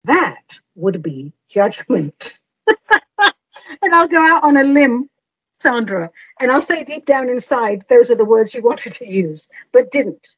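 A woman's voice: fairly high pitch, big pitch swings, a little slow, husky, low-quality recording. A woman hosting a radio advice show, reading and answering listener letters in a playful, teasing way with frequent laughs. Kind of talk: advice talk, reading a listener email aloud.

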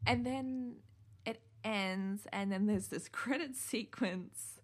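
A woman's voice: medium pitch, takes it slowly. A woman co-hosting a podcast in casual chat, swearing freely and retelling scenes with quoted voices. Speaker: podcast co-host.

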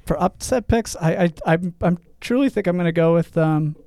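A man's voice: high-pitched, normal speed, warm tone, dry recording. A young man co-hosting a casual sports betting podcast, upbeat as he runs through the week's picks. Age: young adult. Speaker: podcast co-host.

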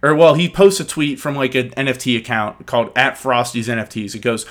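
A man's voice: mid-range voice, fairly even intonation, a little fast, few pauses, fairly bright tone. Ranting profane young man. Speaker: podcast host. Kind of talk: casual podcast chat.

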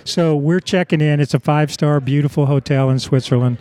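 A man recalling old tour stories in casual conversation, lively and animated. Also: a little high, brisk. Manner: lively storyteller who acts out quotes. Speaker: co-host, former road manager.

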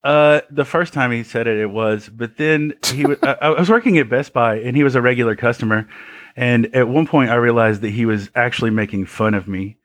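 A relaxed man with an ordinary mid-range voice chats casually, teasing his friends and telling wry stories at an easy pace. He sounds unhurried and dry-humored. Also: medium pitch. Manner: laid-back, teasing, wry storyteller. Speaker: audio engineer. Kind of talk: casual chat.

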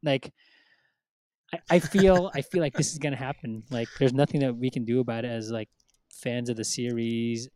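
A man's voice: medium pitch, steady tone, a little fast, a little mellow. A man co-hosting a casual podcast chat, rambling with many fillers and acting out quotes. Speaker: podcast co-host.

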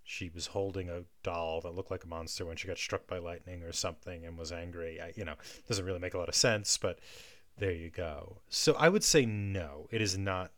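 A man with a somewhat low voice talks through his ideas in a relaxed, analytical chat. He restarts his sentences often and keeps checking in with "right?". The sound is dry and close. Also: moderate pace, dry recording. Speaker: guest discussing film and theatre.

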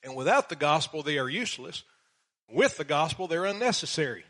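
A man's voice: fairly high pitch, very animated, a little fast, bright, forceful tone. Earnest man teaching a verse-by-verse sermon. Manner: earnest, emphatic, reads scripture in King James English. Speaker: preacher and Bible teacher. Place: church.

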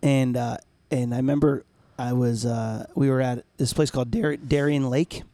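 A man around forty, chatting casually as a podcast co-host and telling a lively story. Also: medium pitch, normal speed, no room sound. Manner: animated storyteller, acts out voices and screams.

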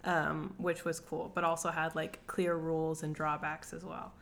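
A young woman co-hosting a casual book chat, animated and swearing freely. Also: low-pitched, moderate pace, vocal fry. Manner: animated, swears freely, acts out characters in quotes. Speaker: book club podcast co-host.

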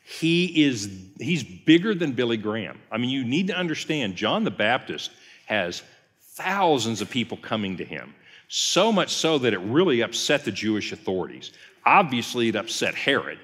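A man's voice: medium pitch, big pitch swings, normal speed, a bit bright, breathy edge. A man preaching a conversational teaching sermon as a pastor, telling the story and acting out quoted lines. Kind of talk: teaching sermon, Bible study session. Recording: long hall reverb.

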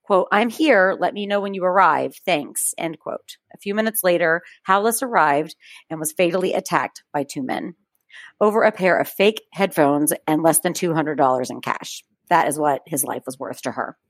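A woman with a somewhat low voice reads a true-crime story aloud for a podcast. She keeps it casual, dropping in chatty asides and laughing between facts. The close mic gives a dry sound with almost no room. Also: moderate pace, dry recording. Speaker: podcast co-host.

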